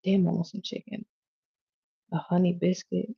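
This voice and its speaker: A woman's voice: on the low side, completely flat delivery, moderate pace, creaky, dark tone, husky, dry recording, dull audio. A woman giving a casual tarot reading to her viewers, rambling, profane and chatty as she goes. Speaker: tarot reader.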